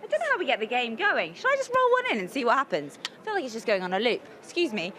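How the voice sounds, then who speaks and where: A woman's voice: fairly high pitch, very animated, racing, a bit bright, a faint crowd. A woman presenter interviewing people outdoors at a tennis venue and hosting a game, bubbly, cheering and encouraging.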